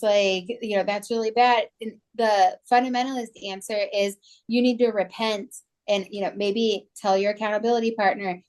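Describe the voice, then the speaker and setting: A woman's voice: mid-range voice, moderate pace, a little mellow. Chatty woman podcaster. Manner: chatty, many "like" and "you know" fillers. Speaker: podcast co-host. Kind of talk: casual podcast conversation.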